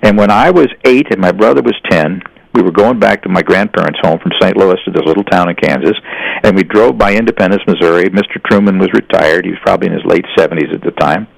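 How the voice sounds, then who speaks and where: A man's voice: low voice, fast, gravelly, no echo, poor audio. An older man telling folksy stories in a rambling conversational way, often restarting his sentences. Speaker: guest. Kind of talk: storytelling in casual conversation.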